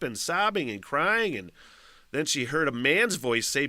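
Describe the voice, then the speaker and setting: A middle-aged man rambles through his solo podcast, cursing freely and breaking off to comment on the news story he is reading out. His voice is bright and forward, recorded close and dry with no room sound. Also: fairly high pitch, expressive, moderate pace, no room sound. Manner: profane, rambling, reads news aloud with asides. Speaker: podcast host. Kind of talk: casual solo podcast chat.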